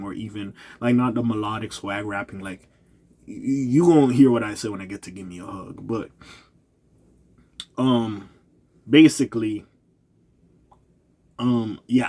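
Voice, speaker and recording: A man giving a casual, candid album review, talking in profane slang and getting animated when something excites him. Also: mid-range voice, slightly rough. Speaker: music reviewer.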